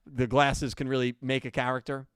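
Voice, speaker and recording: A young man hosting a podcast, hyped and rushed as he chats and reads out donations. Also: medium pitch, level tone, fairly bright tone, clean tone, no echo. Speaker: podcast host reading donations. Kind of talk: excited casual chat.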